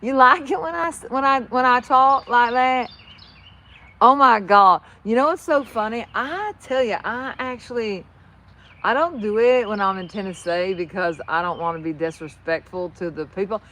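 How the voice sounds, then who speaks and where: This New Jersey-accented woman's voice is fairly high, bright, and forceful, moving at a normal speed. She's hosting a laid-back livestream chat with viewers outside with horses, rambling and laughing often.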